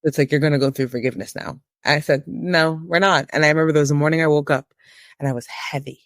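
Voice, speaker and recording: A woman in her thirties giving a candid personal testimony as an interview guest, with emotional, preacher-like rises in pitch. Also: steady tone, fast, dry recording, clean studio sound.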